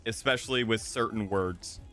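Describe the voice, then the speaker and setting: Young male streamer, slight lisp, bright forward voice, chatty and rambling over gameplay, quiet music underneath. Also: fairly low pitch, moderate pace. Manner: rambling, chatty, with frequent fillers and self-corrections. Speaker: gaming streamer. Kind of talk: casual gameplay commentary. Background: soft game music.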